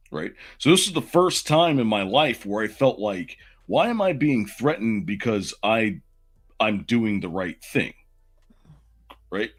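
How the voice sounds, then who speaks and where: Animated man telling a rambling story. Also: medium pitch. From Southern United States. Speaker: podcast co-host. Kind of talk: casual storytelling.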